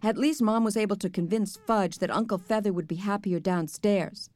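A woman narrating a children's book in the first person with an even storytelling delivery. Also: mid-range voice, moderate pace, dry recording. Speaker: audiobook narrator.

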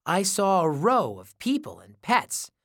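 A woman reading a children's chapter book aloud, unhurried and deliberate, in an animated storytelling voice. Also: medium pitch. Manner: slow, deliberate, lively storytelling.

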